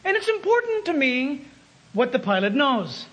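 A man preaching a sermon, emphatic, swinging between loud calls and hushed asides. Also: very high-pitched, sing-song, normal speed, dull audio, a little hiss or hum.

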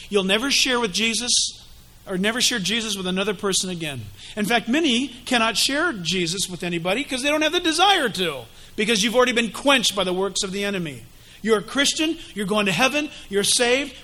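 A male preacher delivers an animated, emphatic sermon. His voice sits high and bright, and it rises and falls with lively swings. He talks to his listeners directly and with drama.

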